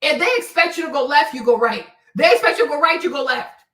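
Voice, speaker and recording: A woman's voice: sits high, fast, fairly bright tone, echoey room, far from the mic. A woman hosting a livestream, handing out blunt relationship advice in a brash, profane, mocking way. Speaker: livestream host.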